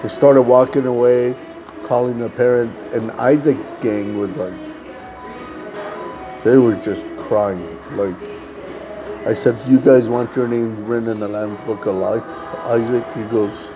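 A man's voice: mid-range voice, steady tone, measured pace, over music, low-quality recording. A man telling a personal story in casual testimony style, acting out the dialogue of others and saying "man" often. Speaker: storyteller recounting street ministry.

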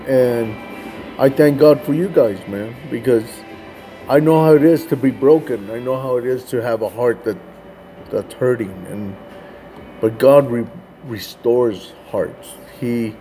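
A man's voice: medium pitch, unhurried, mellow, soft background music. A man telling a personal faith testimony in a casual way, often tagging sentences with "man". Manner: casual, ends phrases with "man". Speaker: Christian storyteller.

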